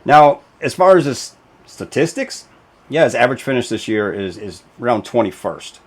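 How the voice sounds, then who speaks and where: A man's voice: mid-range voice, very animated, moderate pace, breathy edge. A man hosting a racing show, talking casually and emphatically, with lots of fillers and restarts. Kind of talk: casual commentary video.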